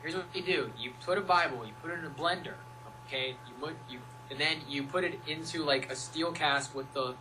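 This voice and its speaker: Bright-voiced young man telling rambling, playful stories. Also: fairly high pitch, a little fast, hardly any pauses, a little hiss or hum, rough recording. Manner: playful, rambling storyteller who acts out quotes. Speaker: music producer guest. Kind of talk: casual chat.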